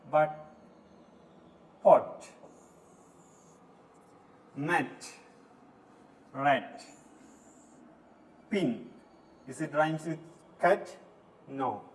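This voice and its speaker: A man teaching a recorded English lesson from Sri Lanka, drilling words slowly one at a time. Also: on the high side. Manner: slow, deliberate word-by-word drilling. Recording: distant mic, faint room noise.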